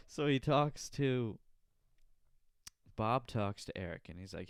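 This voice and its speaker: A man's voice: mid-range voice, expressive, takes it slowly, clear, resonant tone, dry recording, clean studio sound. A young man hosting his own podcast, rambling casually with lots of swearing and laughing at his own jokes. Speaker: podcast host. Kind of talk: casual solo podcast chat.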